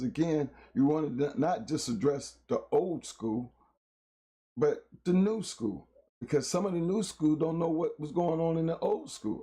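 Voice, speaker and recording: A middle-aged man hosting a casual talk show, hoarse from a recent illness, rambling in loose slang with lots of fillers. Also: medium pitch, dark tone.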